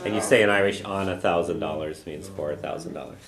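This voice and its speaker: A man's voice: low-pitched, fast talker, creaky. A man teaching a classroom language lesson. He explains patiently, models phrases for students to repeat, and often checks in with "okay?". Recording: echoey room with class chatter.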